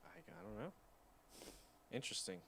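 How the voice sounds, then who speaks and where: A man's voice: a little high, sing-song, moderate pace, creaky, sharp tone. A man co-hosting a casual show, chiming in briefly and agreeably. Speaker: co-host. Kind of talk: casual chat.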